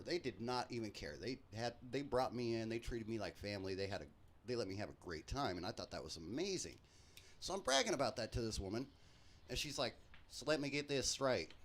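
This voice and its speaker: A man hosting a live stream, telling comic stories from his life in a profane, animated way. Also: mid-range voice. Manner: profane, animated, quick jokes. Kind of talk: comedic storytelling.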